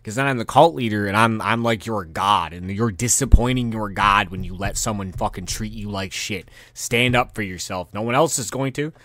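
A man's voice: fairly low pitch, normal speed, few pauses, bright, forceful tone, dry recording. A man hosting a podcast, delivering a rambling, profane rant with angry bursts and frequent restarts. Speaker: podcast host.

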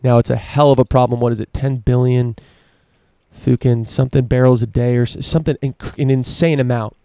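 Male podcast host, solo rant, profane and emphatic, smooth dark voice, little melody. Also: medium pitch, fairly even intonation, fairly quick, no echo. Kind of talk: solo opinion podcast monologue.

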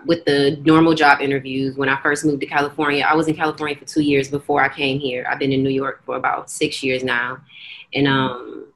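A young woman from the United States telling her story in an earnest, fast-flowing way, often slipping into quoted dialogue. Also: sits low, a bit bright. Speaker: guest. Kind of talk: candid personal storytelling.

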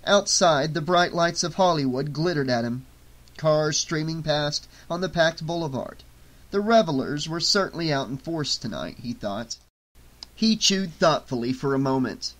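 Steady male audiobook narrator. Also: on the high side, moderate pace.

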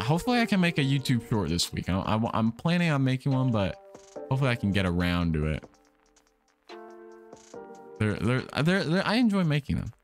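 A young man hosting a game livestream, talking casually and rambling, often restarting and repeating his words. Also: fairly low pitch. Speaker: livestream gamer host. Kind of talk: casual livestream chat while playing. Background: soft background music.

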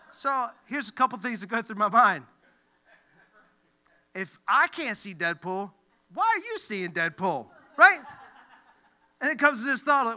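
A male pastor giving a lively, joking sermon, acting out the voices he quotes. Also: high-pitched, measured pace, long pauses. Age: adult who grew up in church, looks back on age twelve. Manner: animated, jokey, acts out quoted voices.

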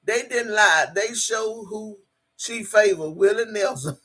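A husky-voiced woman chats through her livestream and talks back to her viewers. Her delivery is loud, cussing and boastful, with a sharp, forceful edge. She laughs easily as she goes. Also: medium pitch, a little slow. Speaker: livestream host reading chat. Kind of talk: casual livestream chat.

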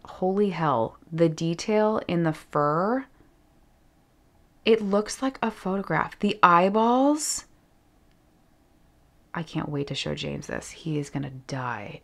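Woman vlogger, deep-pitched, chatty unboxing delivery, effusive with awed hushed asides. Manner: gushing and effusive, drops to awed whispers. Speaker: vlogger unboxing fan mail. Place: home studio.

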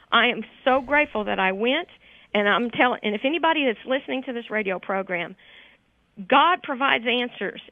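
A woman calls in to a radio program and tells her story with heartfelt gratitude, emotion close to the surface. Her slightly high voice comes through a dry, tinny phone line. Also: no room sound. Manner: heartfelt, grateful, tearful. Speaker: radio show caller. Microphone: telephone.

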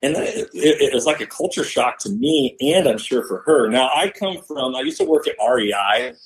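A man's voice: mid-range voice, normal speed, rough recording. A man, a podcast guest and hunter, telling a story casually and acting out the voices of the people in it. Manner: animated, acts out quoted voices.

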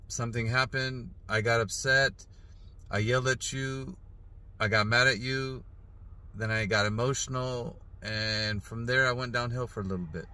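A middle-aged father speaking earnestly in a heartfelt personal video message, halting and emotional at times. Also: mid-range voice, bright, forceful tone. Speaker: father posting an apology video.

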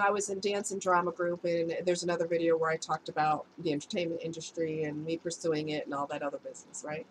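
Speaking at medium pitch, this woman, a relationship-advice vlogger past her youth, shares a personal story with viewers in a relaxed, chatty manner while laughing at herself. The recording is low quality with a little hiss or hum.

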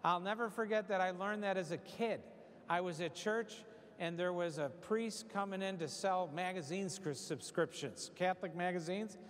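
A man's voice: sits high, moderate pace, a bit bright. A man in his sixties, a priest giving a folksy, joking homily. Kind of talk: humorous homily. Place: church hall. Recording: long hall reverb.

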